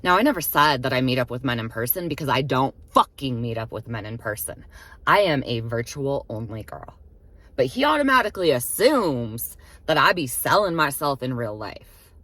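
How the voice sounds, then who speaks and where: A woman's voice: extremely low pitch, big pitch swings, moderate pace, a bit bright, no room sound. A young woman vlogger telling a story in a casual monologue, emphatic and swearing freely.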